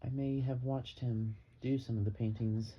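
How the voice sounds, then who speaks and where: A man's voice: medium pitch, little pitch movement, moderate pace, dark tone, slightly rough, lightly acted. A man reading the lines of a dry, sardonic older painter in an audiobook. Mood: wry. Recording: dull, slightly muffled with faint hiss.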